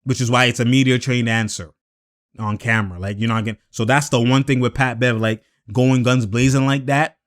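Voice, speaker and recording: A young man talks straight to his audience in a loose, slang-heavy way, circling back and piling on fillers as he riffs on basketball. His delivery is animated, and he pushes his voice up when he gets fired up. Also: mid-range voice, a little fast. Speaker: basketball commentary host. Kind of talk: casual solo commentary.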